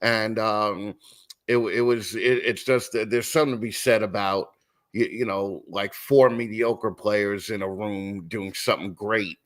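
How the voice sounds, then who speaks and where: A man's voice: fairly low pitch, fairly even intonation, a little slow. A middle-aged man, a musician guest, chatting casually and telling rambling stories with many restarts. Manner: rambling storyteller, lots of restarts and acted quotes. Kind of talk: casual podcast chat.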